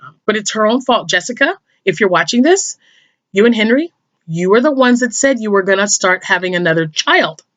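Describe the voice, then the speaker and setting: A woman's voice: medium pitch, lively intonation, fairly quick, a bit bright, no echo. An older woman, a grandmother, chatting emotionally to camera as a crochet vlogger and sometimes dropping to a whisper. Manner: emotional, chatty, drops to a whisper when moved. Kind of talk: casual chat to camera.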